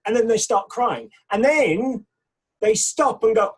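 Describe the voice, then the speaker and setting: Husky-voiced man, thoughtful and frank. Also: sits high, big pitch swings, a little slow, rough recording. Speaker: pastor. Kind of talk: casual discussion.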